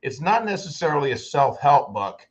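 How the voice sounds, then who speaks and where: A man's voice: a little high, sing-song, moderate pace. A man from the United States hosting an interview over a video call, rambling with many restarts. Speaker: podcast host. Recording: dull lo-fi sound.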